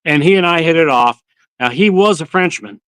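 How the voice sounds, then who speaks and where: A man's voice: a little high, lively intonation, moderate pace, a bit bright, clear, resonant tone, dry recording, low-quality recording. A man hosting a casual live-stream chat, telling rambling stories and swearing casually. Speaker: host of a barbecue channel livestream.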